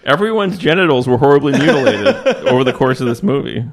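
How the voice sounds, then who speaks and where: A man's voice: medium pitch, big pitch swings, fast. A male comedian hosting a podcast, recapping an old movie with jokes and laughing at his own lines.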